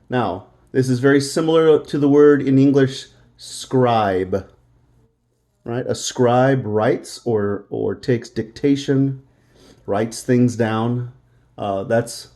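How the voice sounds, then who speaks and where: A man's voice: mid-range voice, mellow. A man teaching a Spanish lesson, patiently repeating words for the listener to drill. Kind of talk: language lesson.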